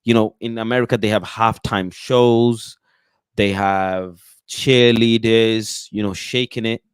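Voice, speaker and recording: A man from the UK hosting casual football chat, animated and slangy, often breaking into chants and impressions. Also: on the low side, slow, smooth, dry recording. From United Kingdom. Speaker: football channel host.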